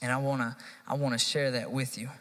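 With a medium-pitched, slightly bright voice that barely moves in pitch, an American youth pastor speaks a little fast in a live sermon. He builds to emphatic repeated lines before his congregation in a church sanctuary, where long hall reverb colors the recording.

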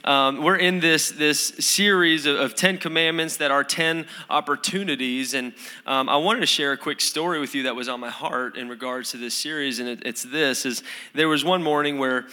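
Earnest young male preacher, bright voice. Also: on the high side, normal speed. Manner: earnest, conversational, with frequent fillers and restarts. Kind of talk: sermon. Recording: sermon in a hall with long reverb.

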